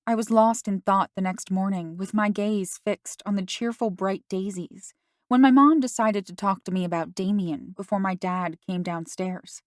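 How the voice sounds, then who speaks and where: A woman narrating a first-person audiobook in a measured, reflective way. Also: medium pitch, fairly even intonation, no room sound, studio quality.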